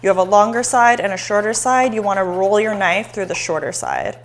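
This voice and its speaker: A woman hosting a live-streamed cooking demo in a home kitchen, chatty and excitable, talking straight to her viewers. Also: medium pitch, fairly quick. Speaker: cooking show host.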